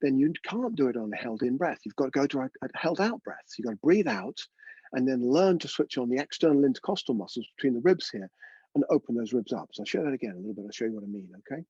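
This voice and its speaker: A man's voice: medium pitch, expressive, quick pace, warm tone, slightly rough, no room sound, lo-fi sound. A man teaching a live online breathwork class, chatty and coaching, often checking in with his students.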